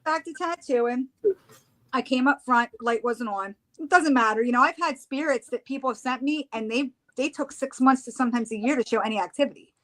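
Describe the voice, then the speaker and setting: A woman telling a story in casual chat, animated and laughing as she acts out what people said. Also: high-pitched, brisk. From United States. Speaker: tattoo artist and paranormal investigator.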